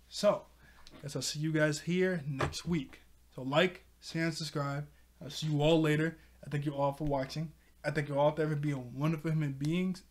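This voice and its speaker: A man's voice: fairly high pitch, slight background noise. A young man casually recapping a cartoon episode, rambling and correcting himself as he goes. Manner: rambling, self-correcting, chuckles often. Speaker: TV episode reviewer.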